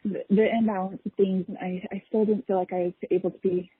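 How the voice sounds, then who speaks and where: A young woman telling a personal story, halting and emotional, with many pauses and fillers. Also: mid-range voice, level tone, breathy edge, no room sound. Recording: tinny phone-like recording.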